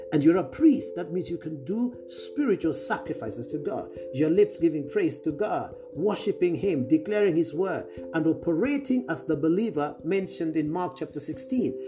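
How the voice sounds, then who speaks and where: A man preaching with a lively, swinging delivery that rises and drops sharply. He hammers key phrases again and again and keeps checking that the listeners follow. Clear guitar music plays behind him. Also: a little high. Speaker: preacher, apostle. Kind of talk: sermon to an online audience.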